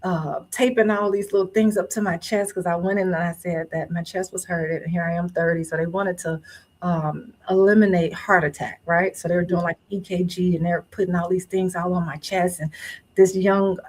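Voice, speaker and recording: A woman in her thirties, a guest author telling a personal story in a casual, animated way and acting out other people's lines. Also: on the low side, fairly quick. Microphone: phone or remote line.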